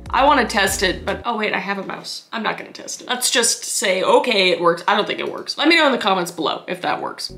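A woman's voice: medium pitch, animated, fast, creaky, few pauses, pushed and bright, soft background music. A young woman hosting a comedy video, mocking what she watches with exasperated, swearing reaction commentary.

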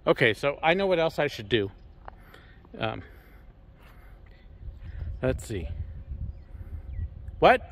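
A man's voice: mid-range voice, slow, long pauses. A man hosting a casual guided tour of an outdoor Roman amphitheater, slightly out of breath, talking into a camera without a microphone. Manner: animated, showman-like projecting at times. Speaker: travel vlogger, host. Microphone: handheld camera, no microphone.

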